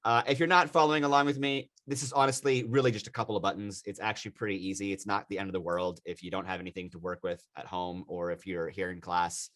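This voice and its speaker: Emphatic low-voiced male teacher. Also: level tone, fast, hardly any pauses, a bit bright. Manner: emphatic, repeats himself for stress. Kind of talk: classroom video editing lesson. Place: classroom.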